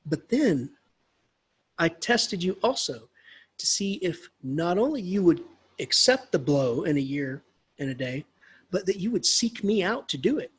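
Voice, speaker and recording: A chummy, scolding knight who lays out his test plainly, as a lecturer puts him on. The voice is husky and sits high, with a relaxed, conversational delivery. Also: unhurried, exaggerated voice. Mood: explaining. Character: gruff male knight, tester, scolding.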